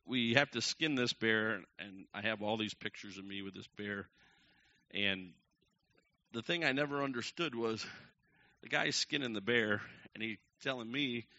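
A man telling a long personal story to a crowd from the pulpit, acting out each quoted person with sudden jumps in pitch and loudness. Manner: animated, acts out the quoted people with big jumps in pitch and loudness. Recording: dull lo-fi recording.

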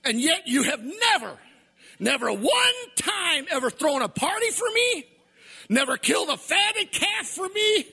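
A man's voice: high voice, lively intonation, unhurried, long pauses, full character voice. A man voicing a resentful grown elder son who sulks and complains. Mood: indignant. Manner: sulky, then indignant shouting.

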